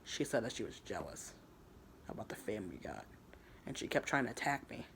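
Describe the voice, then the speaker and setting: A man's voice: fairly low pitch, sing-song, normal speed, fairly bright tone, a little hiss or hum. A man casually retelling his own fan fiction story, rambling and crude, often stumbling and restarting his words.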